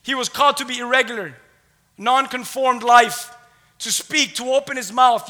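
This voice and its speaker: A man preaching a sermon in a church, impassioned, swinging between loud declarations and hushed asides. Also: very high voice, normal speed.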